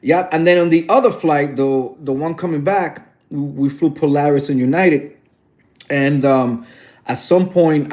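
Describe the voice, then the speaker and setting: A man's voice: mid-range voice, a little mellow. A man chatting casually to his viewers in a sassy, gossiping storytelling manner. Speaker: vlogger addressing viewers. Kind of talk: casual chat.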